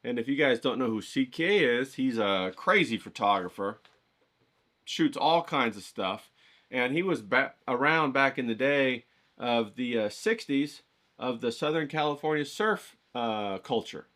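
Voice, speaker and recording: A man's voice: mid-range voice, animated, a little slow, a bit bright. A man hosting an art vlog, rambling and joking in a folksy, casual way. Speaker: art channel host. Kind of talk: casual vlog talk with drawing tips.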